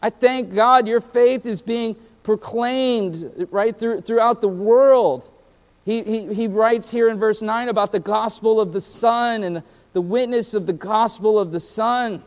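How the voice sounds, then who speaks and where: Pastor, male, high-pitched; casual preaching style with asides, in a reverberant church hall. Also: unhurried. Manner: animated, conversational preaching with slang and asides. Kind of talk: sermon.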